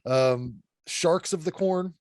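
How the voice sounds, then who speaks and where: A man co-hosting a podcast, talking bluntly and ranting with plenty of swearing and quick laughs. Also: fairly high pitch, a little mellow, no echo, studio quality. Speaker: podcast co-host reviewing horror films. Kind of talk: casual profane chat.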